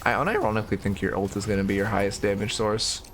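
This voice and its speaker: A man's voice: fairly low pitch, fairly even intonation, quick pace, a bit bright, slight background noise. A man giving casual live-stream coaching commentary on a video game, blunt and opinionated, swearing freely.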